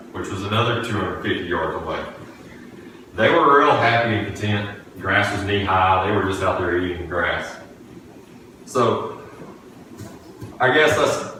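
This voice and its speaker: A man delivers a sermon, weaving in a childhood story with earnest, halting restarts. His low voice has a bright, forceful edge. He sounds set back from the microphone in a very echoey church room. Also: a little hiss or hum. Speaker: preacher. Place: church sanctuary. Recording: echoey room, distant from the mic.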